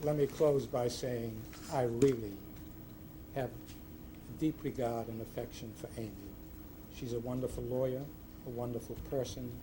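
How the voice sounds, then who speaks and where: An older man speaks at a ceremony, his voice sitting at an ordinary middle pitch. He tells courtroom stories with deadpan timing. The hall recording carries a steady layer of noise. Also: normal speed. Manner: dry storytelling with punchline timing. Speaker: retired judge giving a speech. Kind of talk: humorous anecdotes at a ceremony. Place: ceremony hall with a live audience.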